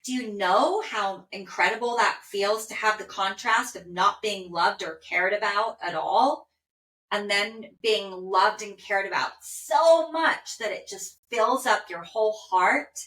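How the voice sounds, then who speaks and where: A loving, grateful male rescue dog, anxious at heart, speaking slowly and tenderly, as a woman relays him in her own voice. The tone is bright and clear, drawn out at an unhurried pace. Her words ring out in a roomy, echoing space. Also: medium pitch, close to an everyday voice. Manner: slow, tender first-person relaying. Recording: roomy echo.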